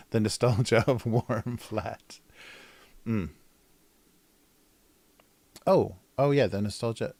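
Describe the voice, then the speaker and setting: A man's voice: medium pitch, extremely slow, pauses often, darkish tone, dry recording. A middle-aged man chatting casually on a livestream while drawing, rambling, cutting himself off and laughing often. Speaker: cartoonist livestreamer.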